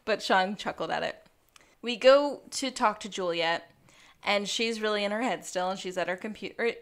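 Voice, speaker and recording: A woman's voice: mid-range voice, normal speed. A woman co-hosting a podcast, recapping a TV episode in casual chat and laughing often. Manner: giggly, animated, laughs often. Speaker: podcast co-host.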